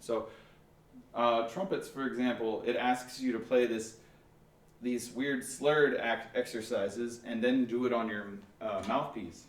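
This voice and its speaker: A man teaching a remote band lesson, patiently explaining step by step with restarts. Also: mid-range voice. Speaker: music teacher. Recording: echoey room, faint noise.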